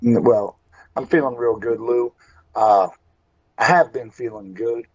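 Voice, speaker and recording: Husky west virginia wrestler guy cutting a promo, folksy, calls everyone brother, kinda dull lo-fi sound. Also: mid-range voice, unhurried. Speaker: pro wrestler. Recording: dull lo-fi audio.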